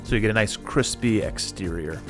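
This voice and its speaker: A man's voice: on the low side, fairly quick, over music. Chatty man cooking on camera. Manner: chatty and enthusiastic, talks while cooking and tasting. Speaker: cooking channel host. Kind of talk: casual cooking demonstration.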